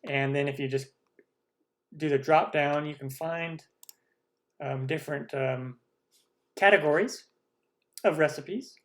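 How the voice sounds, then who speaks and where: A man's voice: a little high, takes it slowly, long pauses, fairly bright tone. A man hosting a cooking channel live stream, chatting casually with viewers, rambling and humming while he scrolls.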